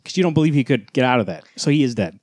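A man's voice: mid-range voice, lively intonation, racing, darkish tone, no echo. A man co-hosting a podcast in casual chat, teasing his friends and speaking bluntly with plenty of swearing. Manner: teasing, blunt, curses freely. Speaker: podcast co-host.

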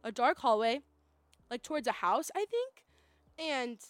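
A young woman telling a story in casual chat, animated, acting out quoted voices and laughing often. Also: high-pitched, measured pace, dry recording. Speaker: guest storyteller.

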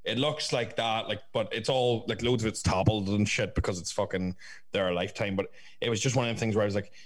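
A young man rambling through travel chat, stacking "like" and curses. His voice sits a touch low and his speech is loose and unhurried. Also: steady tone. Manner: rambling, filler-heavy, swearing. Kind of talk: casual chat.

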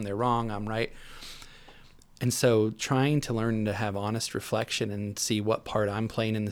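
A man sharing his recovery story in a casual podcast chat, animated and acting out the voices he quotes. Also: lowish voice.

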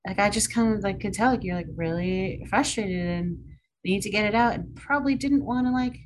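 A woman's voice: mid-range voice, fairly quick, rough recording. A chatty woman co-hosting a podcast, telling a story in a loose, rambling way and laughing often. A faint hiss of background noise runs under her voice. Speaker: podcast co-host. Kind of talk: casual chat.

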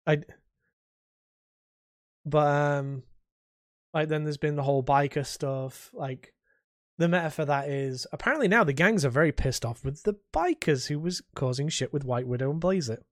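A man chatting casually on a podcast, his voice a bit higher than most men's. He talks in a halting, rambling way and restarts sentences often, recorded close and dry. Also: dry recording. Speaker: podcast co-host. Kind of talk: casual chat.

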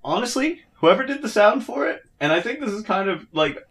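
Male podcast co-host, lively storyteller, casual basement chat among friends. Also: sits high, brisk. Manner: animated storytelling, laughs often. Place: home basement.

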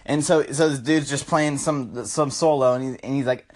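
A man's voice: medium pitch, fairly even intonation, moderate pace. A young man telling a crude, profane comic story loosely, dropping "bro" constantly and making goofy sound effects. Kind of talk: crude comedic storytelling rant.

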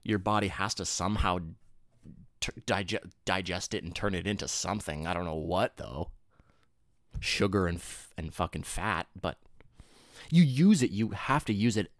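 A man's voice: low voice, steady tone, normal speed, a bit bright, no echo, clean studio sound. A young man ranting casually to viewers, swearing often, rambling through restarts and laughing at his own jokes. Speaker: solo talker addressing viewers. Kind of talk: casual rant.

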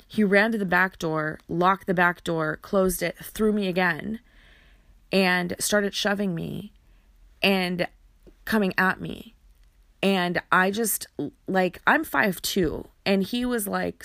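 A woman telling a personal story in a halting way, often repeating words and using fillers. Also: lowish voice, fairly bright tone, no room sound, studio quality.

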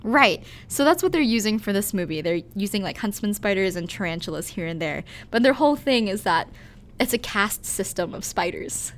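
Woman podcast co-host, lively pitch, giggly and animated, casual. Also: moderate pace, a little hiss or hum. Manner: animated, giggly storytelling with many "like"s. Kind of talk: casual chat.

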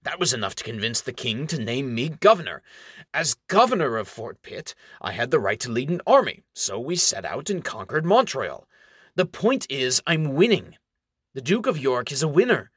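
A man reads the part of a scheming, gloating middle-aged baron in an audiobook, a smug, ambitious figure who lectures and monologues about his plans. His medium-pitched voice is sing-song, a bit bright and slightly rough, at a moderate pace. Studio quality, no echo.

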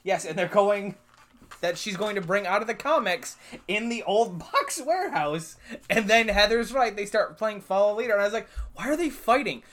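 A woman co-hosting a podcast in casual chat, swearing and sarcastic, jumping in with quick asides. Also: mid-range voice, animated, a bit bright. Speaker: podcast co-host. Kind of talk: casual chat recapping a TV show.

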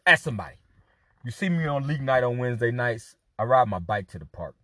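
A man's voice: medium pitch, big pitch swings, fast talker, a bit bright, dry recording. A man hosting a podcast in a loose, profane, joking monologue. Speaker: podcast host. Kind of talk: casual monologue.

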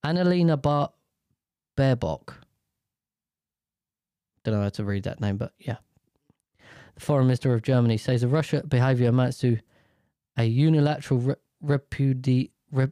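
A man's voice: medium pitch, moderate pace, long pauses, dark tone, no room sound, clean studio sound. A man reading news stories aloud, stumbling over hard words and ranting about them with lots of swearing. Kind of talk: casual reaction commentary.

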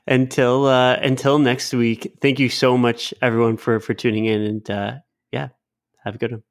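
A man's voice: mid-range voice, level tone, measured pace, no echo, studio quality. A man co-hosting a podcast in loose, casual chat, swearing and laughing easily. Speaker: podcast co-host.

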